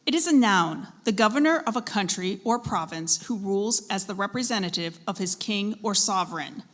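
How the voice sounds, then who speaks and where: Bright-voiced woman pronouncer in echoey hall. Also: medium pitch, animated. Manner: clear, measured, encouraging. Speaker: spelling bee pronouncer. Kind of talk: pronouncing and defining words for contestants. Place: school event hall. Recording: echoey hall with long reverb.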